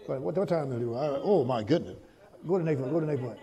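A man preaching a sermon, calling to the congregation for answers and climbing into shouts. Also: mid-range voice, animated, fast talker, a crowd in the background. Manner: call-and-response preaching, rising to shouts.

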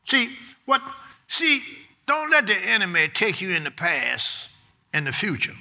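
A man preaching a sermon with fervent, rhythmic repetition and folksy phrasing. He rises to shouted peaks at times. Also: high-pitched, very animated, a little slow, vocal fry.

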